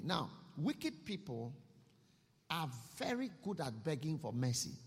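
A man preaching a sermon, telling a story with lively acting and a husky voice. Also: a little high, normal speed. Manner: animated storytelling, acting out characters. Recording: long reverb of a hall.

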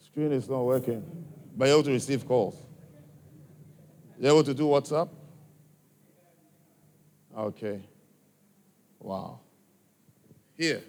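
His medium-pitched, slightly mellow voice moves slowly and pauses often as this African-accented man speaks live before a church congregation. He quizzes people in the crowd directly and persuasively, and the vast hall adds long reverb.

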